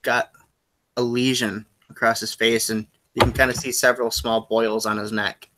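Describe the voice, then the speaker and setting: A man running a tabletop game as game master, narrating in a halting way and often correcting himself. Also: medium pitch, little pitch movement, sharp tone.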